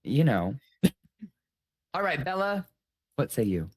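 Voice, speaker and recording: Playful, teasing game show host whose pitch leaps around freely, keeping the contest moving with quick jokes and frequent laughs, heard over a video call. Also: big pitch swings. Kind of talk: hosting a casual online game show.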